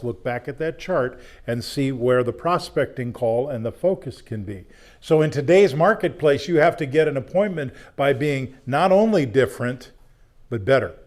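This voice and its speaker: A man's voice: medium pitch, darkish tone. Man giving a sales training talk. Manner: upbeat, jokey, instructive.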